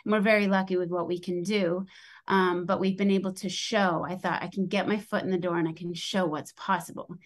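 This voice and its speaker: A middle-aged woman from the United States, a guest on an interview show, telling her story in a chatty, animated way. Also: brisk. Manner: chatty and animated, acts out quoted voices with rising pitch. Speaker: podcast guest, school lunch program founder.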